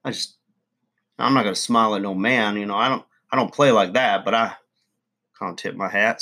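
A man's voice: on the low side, brisk, sharp tone. A man telling a rambling, self-important comic story to his channel's viewers. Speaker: channel host. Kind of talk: comedic character monologue to camera.

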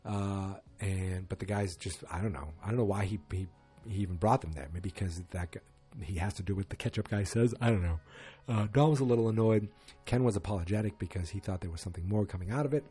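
A low-voiced man with a husky edge gives a rambling, casual episode recap, tossing in wry asides. His tone is mellow and dark, and soft music plays faintly behind him.

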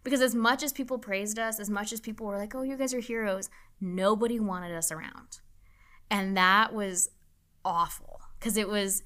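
A woman's voice: medium pitch, steady tone, moderate pace, fairly bright tone. A young woman nurse being interviewed, talking candidly and emotionally, swearing freely. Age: young adult. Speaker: nurse guest. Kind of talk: casual interview talk.

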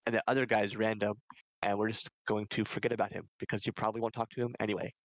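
A man's voice: lowish voice, level tone, fast talker, dry recording, poor audio. A man chatting on a podcast as a game master, explaining eagerly with many fillers. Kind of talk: casual chat.

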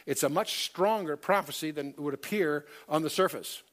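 Male Bible teacher, fairly high voice, emphatic lecture delivery with frequent fillers and restarts. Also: normal speed, a bit bright. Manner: emphatic, quotes scripture in King James wording; many fillers and self-corrections.

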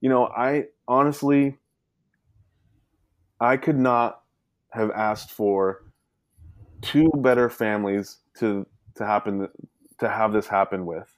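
A man telling his family story as a guest in a casual interview, rambling with many fillers and animated retelling. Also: lowish voice, slow, pauses often, dry recording, clean studio sound. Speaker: guest, son.

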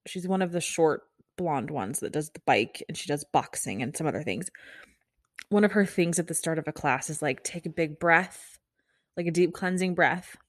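A woman's voice: lowish voice, no room sound, clean studio sound. A young adult woman, a nurse hosting her own podcast, talking candidly and casually with lots of fillers and restarts. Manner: candid, chatty, full of likes and restarts. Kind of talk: casual solo podcast talk. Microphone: podcast microphone.

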